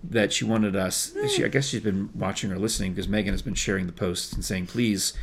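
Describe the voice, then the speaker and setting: A middle-aged man with a low, gravelly voice co-hosts a podcast, chatting and telling playful stories. His talk is loose and friendly. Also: steady tone, fast. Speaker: podcast co-host. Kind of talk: casual chat.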